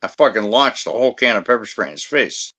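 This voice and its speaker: Blunt, bright-voiced man in his fifties. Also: medium pitch, animated, fast talker. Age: 50s. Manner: blunt, profane, combative. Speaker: security guard. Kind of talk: casual storytelling on a talk show.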